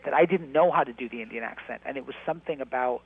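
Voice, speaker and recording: A man, an actor, reflecting in an interview, halting with many fillers and restarts. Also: medium pitch, creaky, slightly rough. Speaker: actor and guest. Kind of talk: interview conversation. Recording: tinny phone-like line.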